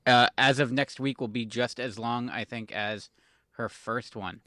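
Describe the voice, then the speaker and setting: Cohost guy, bright forceful voice, dry close mic, chatty and reflective. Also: medium pitch, steady tone, measured pace, no room sound. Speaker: podcast cohost. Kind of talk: casual chat.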